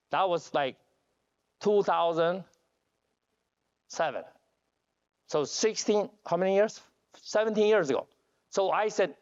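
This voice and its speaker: A man giving a joking conference keynote as a company CEO, telling animated stories with broken grammar and restarts. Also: high-pitched. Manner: animated storytelling with jokes; non-standard grammar, restarts. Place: conference hall. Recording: dull lo-fi conference audio.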